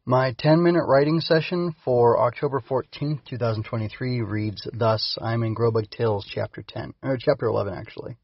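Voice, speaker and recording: A man's voice: mid-range voice, moderate pace, hardly any pauses, breathy edge, no room sound, highs cut off. A man hosting his own writing podcast, talking casually in a rambling, self-correcting way and reading out his log. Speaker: podcast host and author.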